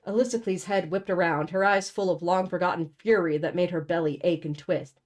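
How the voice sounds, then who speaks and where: A woman's voice: lowish voice, fairly even intonation, a little fast, darkish tone. A young woman hosting a show, reading a novel aloud and breaking off for blunt, sarcastic commentary. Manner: sarcastic, blunt, swears casually.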